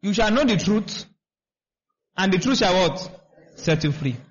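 High-voiced preacher, lo-fi. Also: male voice, lively intonation, measured pace. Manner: repetitive, asks the congregation to finish his lines. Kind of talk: sermon. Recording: dull lo-fi recording.

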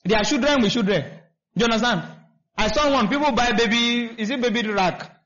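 Guy preaching, high voice, keeps repeating, gets the crowd to fill in words, muffled recording. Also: fairly quick, fairly bright tone. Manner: repetitive, asks the congregation to finish his lines. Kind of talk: sermon. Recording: dull lo-fi recording.

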